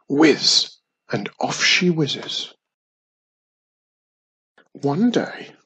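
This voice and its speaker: A man reading a children's storybook aloud in a slow, expressive way. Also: mid-range voice, breathy edge. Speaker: storybook narrator.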